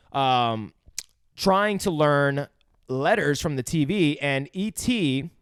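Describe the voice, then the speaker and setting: A man's voice: no room sound, clean studio sound. A man co-hosting a podcast, casually recapping a film with lots of swearing and acted-out quotes. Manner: swears a lot, acts out quotes in high voices. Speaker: podcast co-host. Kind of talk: casual movie recap chat.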